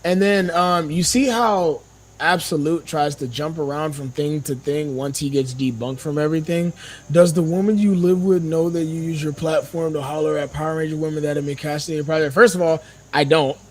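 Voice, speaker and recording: Young guy ranting on a podcast, kinda high voice, swearing a lot. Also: steady tone, moderate pace. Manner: indignant, swearing, rhetorical questions. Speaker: podcast guest. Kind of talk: heated casual podcast talk.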